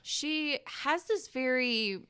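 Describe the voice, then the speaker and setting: Bright-voiced young woman podcast guest. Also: sits high, animated, slow, clear, resonant tone. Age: young adult. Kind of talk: casual podcast chat.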